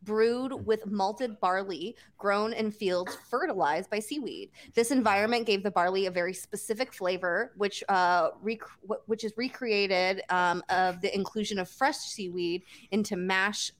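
A woman's voice: medium pitch, a little slow, few pauses. A woman co-hosting a casual podcast, playful and swearing freely. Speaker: podcast co-host.

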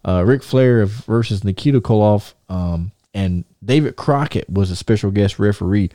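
A man hosting a podcast, telling a long story in a rambling, animated way with many restarts. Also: on the low side, moderate pace, dry recording, studio quality. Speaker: podcast host. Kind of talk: casual storytelling and show segment intro.

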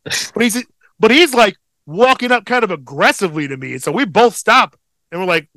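High-voiced, bright-toned young man telling stories. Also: moderate pace, no room sound. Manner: profane, rambling, animated storyteller. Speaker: podcast co-host. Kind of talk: casual storytelling chat.

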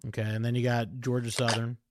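A male podcast co-host in a casual sports chat, relaxed and rambling with fillers. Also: mid-range voice, quick pace. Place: home setup on a call. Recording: noisy call audio.

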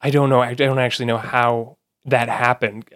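A man's voice: medium pitch, little pitch movement, moderate pace, a bit bright, dry recording, studio quality. A man playing a tabletop game, talking casually and hesitantly, often repeating words. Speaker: player.

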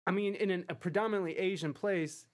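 A man's voice: sits high, fast. A male host in a casual interview, talking in a rambling, profane way with many fillers and restarts. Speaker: podcast host.

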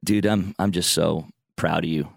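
Man, very deep voice, gravelly, dry close mic, relaxed interview host. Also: moderate pace, dry recording. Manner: laid-back, says "dude" and "you know" a lot. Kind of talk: casual conversational interview. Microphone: handheld mic, passed around.

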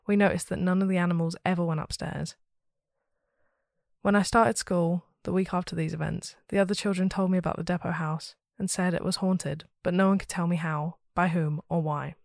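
Podcast host, woman, low pitch, reads ghost stories steadily and expressively. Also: steady tone, normal speed, creaky, darkish tone, no room sound, studio quality. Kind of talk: reading a listener's ghost story aloud.

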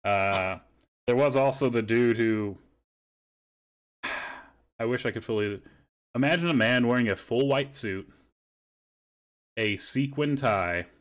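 A man's voice: mid-range voice, takes it slowly, pauses often. Casual swearing young man telling stories. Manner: swearing, rambling storyteller. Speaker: podcast host. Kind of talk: casual chat.

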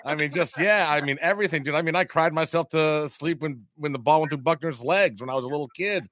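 A man in his forties talks on a video call in a rambling, self-deprecating way, circling back and repeating his words. His voice has a bright, forward edge and sounds dry and close, with no room around it. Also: a little high, quick pace, no room sound. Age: 40s. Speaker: guest. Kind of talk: casual chat.

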